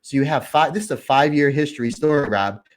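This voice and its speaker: A man co-hosting a podcast in casual chat, talking excitedly and acting out his own reactions with open emotion. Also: fairly high pitch, a little fast, slight background noise. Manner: openly emotional. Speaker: podcast co-host.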